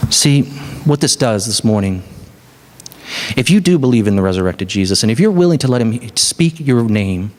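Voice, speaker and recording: A man preaching an Easter sermon as a pastor, telling stories in a conversational, animated way with building emphasis. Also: medium pitch, moderate pace.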